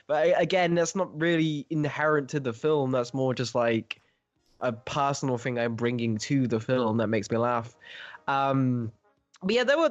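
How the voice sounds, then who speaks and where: A man's voice: mid-range voice, dry recording. Laughing man rambling about a film. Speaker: podcast co-host. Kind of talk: casual film discussion. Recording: dry, slightly dull podcast audio.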